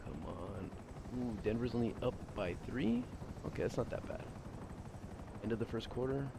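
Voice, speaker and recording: A young man streaming and chatting casually, loud and opinionated, rambling with lots of fillers. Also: mid-range voice, lively intonation, moderate pace, background noise. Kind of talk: casual chat while gaming.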